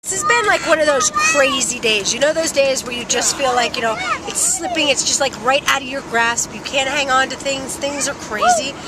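A woman's voice: high-pitched, wildly swooping pitch, moderate pace, hardly any pauses, over a noisy crowd. A middle-aged woman and mother chatting casually and animatedly in a family vlog. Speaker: vlogger and mother. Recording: loud background noise.

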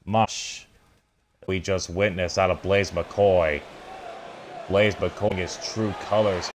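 A man gives excited play-by-play commentary over a wrestling video game, bursting into startled exclamations and stumbling over restarts. His voice is low-pitched and slow, with a noisy background.

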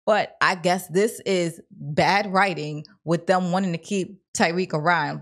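A woman giving a casual, opinionated recap of a TV episode, talking in slang and acting out the characters' lines. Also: on the low side. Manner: opinionated and blunt. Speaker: TV recap vlogger.

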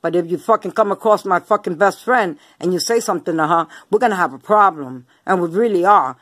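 A woman's voice: lowish voice, a little fast, fairly bright tone, slightly rough, dry recording. A woman ranting at her viewers in a confrontational, taunting way, full of swearing, slang and repeated lines. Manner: slang-heavy street talk. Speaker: vlogger. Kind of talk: angry rant to viewers.

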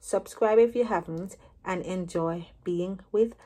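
Woman in her 30s vlogging, warm mellow voice, chatty storytime, does little voices for everyone she quotes. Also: on the low side, measured pace. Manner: lively retelling, acting out what each person said. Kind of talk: casual storytelling to camera.

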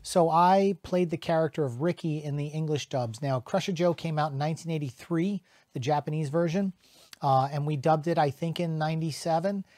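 A middle-aged man who is a voice actor, chatting casually to camera in an animated way and slipping into quick character voices. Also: on the high side, no room sound.

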